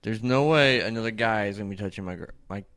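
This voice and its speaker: Low-voiced man trading blunt quips. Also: fast, a bit bright, dry recording. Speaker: podcast co-host. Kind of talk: casual chat.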